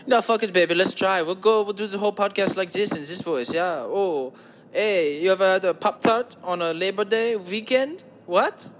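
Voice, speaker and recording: Man doing a smarmy fake-German lounge crooner, slightly high, over a light hiss. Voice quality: mock German accent. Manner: sleazy crooning, drawn-out, calls listeners baby. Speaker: podcast host. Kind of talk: comedic podcast monologue in a put-on voice. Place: home basement.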